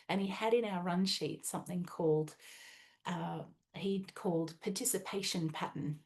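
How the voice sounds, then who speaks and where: A woman's voice: lowish voice, darkish tone. An Australian woman presenting a webinar talk in a chatty, conversational way with frequent "um"s.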